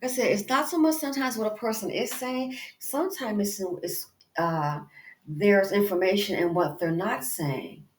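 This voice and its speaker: Exercising as she records, a woman delivers casual commentary for her channel, chatty and emphatic, with plenty of "girl" and "baby" aimed at the viewer. She speaks at normal speed in a mid-range voice, in an echoey room.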